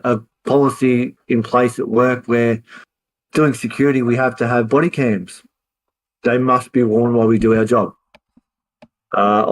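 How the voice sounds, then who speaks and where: A man on a live stream, explaining in a measured way with hesitant fillers. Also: mid-range voice, poor audio. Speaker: co-host.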